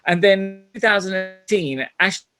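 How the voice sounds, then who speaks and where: Slightly higher-voiced male panellist. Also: moderate pace, sharp tone, faint music behind. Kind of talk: online panel talk.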